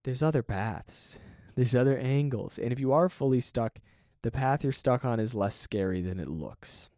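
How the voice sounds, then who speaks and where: A man's voice: medium pitch, animated, normal speed, warm tone, no echo, studio quality. A man hosting a solo podcast, talking through ideas in a reflective, conversational way and often checking in with the listener. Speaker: podcast host. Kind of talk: casual solo talk on creative work.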